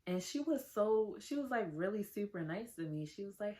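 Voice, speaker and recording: A woman's voice: medium pitch, brisk, mellow, a little hiss or hum. A young woman, chatting casually to camera as she tells a personal story and keeps calling her viewers "y'all". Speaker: storytime vlogger.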